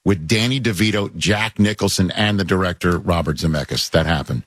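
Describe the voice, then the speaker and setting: A man's voice: sits low, brisk, a bit bright, no echo. A man interviewing a guest, asking brief, affirming questions. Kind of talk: conversational interview.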